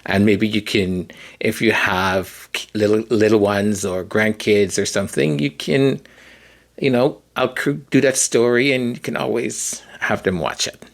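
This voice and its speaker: A man's voice: on the low side, fairly even intonation, measured pace, creaky. A man hosting a podcast in a casual, rambling, hesitant monologue. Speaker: podcast host.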